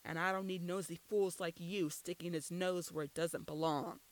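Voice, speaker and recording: A reader voicing a menacing, lanky adult male stranger who speaks accented English in a low mumbling snarl. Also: steady tone, moderate pace, natural voice. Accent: foreign-accented English.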